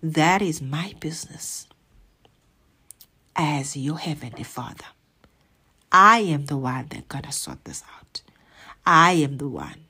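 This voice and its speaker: A woman putting on the voice of God, a calm and stern heavenly father who speaks in a low, husky half-whisper. He corrects his child firmly but quietly. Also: takes it slowly, long pauses, heavily acted. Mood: stern gentle. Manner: hushed, firm, half-whispered.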